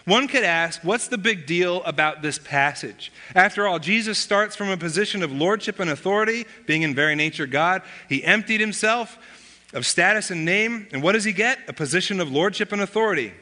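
Bright-voiced pastor preaching in a reverberant hall. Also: male voice, sits high, fairly quick. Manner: conversational storytelling, acts out family dialogue. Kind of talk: sermon. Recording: long reverb of a large hall.

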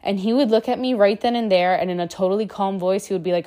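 A woman's voice: mid-range voice, quick pace, dark tone. A woman giving earnest, emphatic relationship advice straight to her viewers in a casual monologue. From Cuban heritage.

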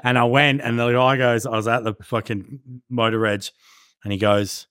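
A man, a podcast guest chatting casually and telling animated, profanity-filled stories. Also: medium pitch, normal speed, dry recording, studio quality. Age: 40s. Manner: swears a lot, animated storyteller acting out quotes. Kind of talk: casual chat.

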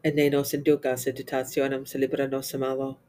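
A man's voice: medium pitch, fast. Man steadily reciting psalms and prayers. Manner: steady recitation with Latin responses, occasional slips and restarts. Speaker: reader of the Divine Office.

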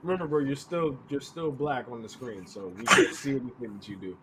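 A man's voice: mid-range voice, expressive, brisk, heavy background noise. A young man co-hosting a podcast in casual chat, teasing his friends and laughing often. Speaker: podcast co-host.

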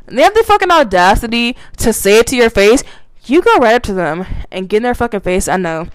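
Animated, foul-mouthed woman ranting. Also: on the high side, brisk, smooth, dry recording. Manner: animated, laughing, swearing, acts out mocking confrontations. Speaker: commentator reading and reacting. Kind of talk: profane ranting commentary.

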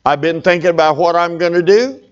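A man's voice: on the high side, fairly quick, smooth, dull audio. A middle-aged male pastor telling a humorous personal story in a sermon, talking straight to his congregation. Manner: folksy, humorous, talks to the congregation.

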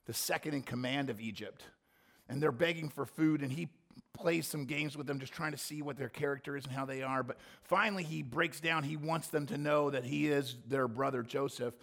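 A man preaching a sermon, swinging from quiet reflection to impassioned, near-shouted emphasis. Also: mid-range voice, a little fast, gravelly. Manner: impassioned, rising to near-shouting when voicing scripture. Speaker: pastor.

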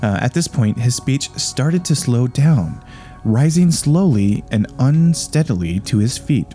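A man's voice: mid-range voice, expressive, a little slow, dark tone, soft background music. A man co-hosting a casual podcast, reading a strange account aloud and rambling with crude jokes and laughter. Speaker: podcast co-host.

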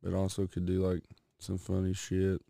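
A man's voice: low voice, monotone, normal speed, gravelly, warm tone, no echo, clean studio sound. A man co-hosting a podcast in casual chat, rambling and swearing a lot. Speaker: podcast co-host.

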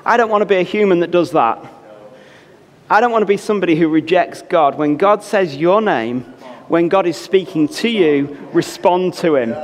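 A man's voice: high voice, lively intonation, moderate pace. Earnest male pastor preaching in a church. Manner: earnest, exhorting the congregation. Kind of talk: sermon. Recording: reverberant church with music behind.

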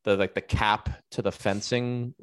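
A man with a somewhat low voice co-hosts a casual podcast chat. He rambles through his stories with plenty of fillers and restarts. His voice is recorded dry and close. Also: steady tone, measured pace, clean tone, no room sound. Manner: rambling storyteller with many fillers, laughs while telling. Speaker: podcast co-host.

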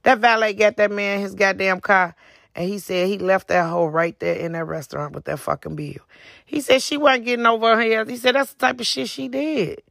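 A host spinning a casual, profane story and acting out each quote. The voice is gravelly with fry. It sits close in a dry, dead room. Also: mid-range voice, a little fast, dry recording. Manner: profane, animated, lots of acted quotes. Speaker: podcast host and author.

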